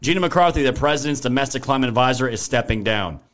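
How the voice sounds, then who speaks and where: A man's voice: mid-range voice, animated, fast talker, a bit bright. A man hosting a political live stream, ranting in a heated, profane way and thanking viewers in chat. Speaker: livestream political commentary host.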